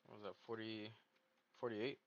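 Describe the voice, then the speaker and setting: A man's voice: fairly low pitch, flat delivery, normal speed. A man thinking aloud as he hosts casual gameplay commentary, rambling and poking fun at himself. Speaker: gaming video host. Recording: dull lo-fi mic with faint noise.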